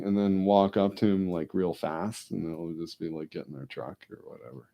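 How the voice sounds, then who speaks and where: A man's voice: low voice, flat delivery, a little fast, hardly any pauses, dark tone. A man rambling in casual chat, often repeating himself and swearing freely. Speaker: casual talker.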